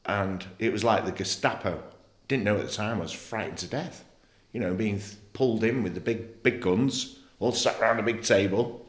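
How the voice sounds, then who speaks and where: Man from England, middle-aged, low voice, blunt, emotional, swearing, roomy echo. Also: moderate pace. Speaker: podcast guest, former footballer. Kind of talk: candid personal storytelling. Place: podcast studio.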